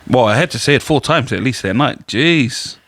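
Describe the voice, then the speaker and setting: A man's voice: medium pitch, expressive, moderate pace, a bit bright, a little hiss or hum. Rambling New man telling stories. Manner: rambling anecdotal storyteller, quotes people in his own voice. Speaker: podcast co-host. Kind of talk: casual chat.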